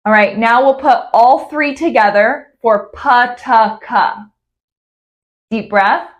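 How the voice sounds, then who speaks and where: A woman speech therapist from California, guiding articulation drills slowly with careful, over-articulated speech. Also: on the high side. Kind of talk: instructional exercise guide.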